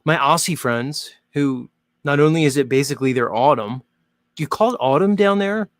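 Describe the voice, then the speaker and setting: A man's voice: a little high, normal speed, dry recording. A man hosting his own show, talking casually to viewers in a rambling, joking way full of fillers. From Northern Hemisphere. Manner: chatty, rambling, jokey, many "like" fillers. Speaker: host.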